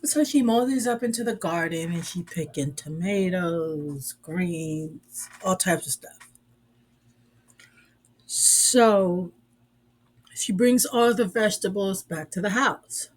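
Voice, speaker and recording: Slow, sassy woman recapping a show. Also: fairly low pitch, slightly rough. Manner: sassy, sarcastic, drawling storyteller. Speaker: reviewer. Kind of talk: casual recap and commentary.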